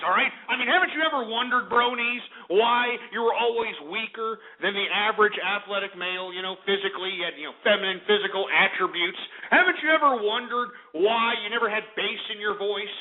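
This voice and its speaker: A man hosting a call-in radio show, insulting and mocking callers in a loud, barking rant. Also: high-pitched, brisk, few pauses. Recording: tinny phone-line radio archive with faint music.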